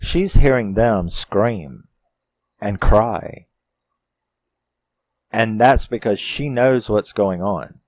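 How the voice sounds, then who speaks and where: A man recapping a horror film in a casual, profane and animated way. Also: lowish voice, very slow, long pauses, no echo. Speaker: film reviewer.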